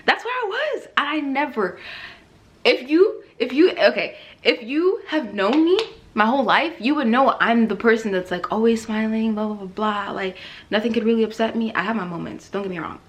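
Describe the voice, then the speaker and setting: Young female vlogger, casual testimony, lively swinging pitch, chatty and heartfelt, frequent laughs. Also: moderate pace, a little hiss or hum. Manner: emotional, rambling, laughs often, many fillers. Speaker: vlogger sharing her faith testimony.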